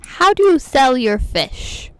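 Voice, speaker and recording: A woman playing a farming game with friends on a voice call, asking quick practical questions and cracking light jokes. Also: high-pitched, big pitch swings, clean tone. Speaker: co-op player. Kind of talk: casual game-stream chat. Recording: noisy call audio with keyboard clicks.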